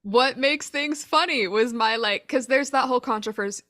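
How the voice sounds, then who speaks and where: A woman's voice: fairly high pitch, moderate pace, sharp tone. A woman hosting a casual podcast chat, laughing often and swearing freely. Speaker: podcast host.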